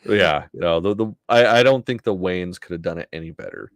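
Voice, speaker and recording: A man with a low voice that swings widely in pitch, co-hosting a horror podcast in loose, casual chat. He swears freely and laughs often, and the sound is dry and close to the mic. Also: expressive, normal speed, creaky, no echo. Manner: laid-back, swears a lot, laughs often. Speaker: podcast co-host.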